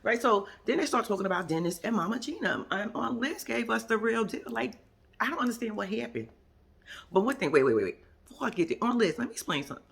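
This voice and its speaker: A woman's voice: fairly high pitch, big pitch swings, fast, gravelly, fairly bright tone. A woman giving a casual, sassy spoken recap of a reality TV episode as a vlogger. She acts out what other people said and drops into whispered asides.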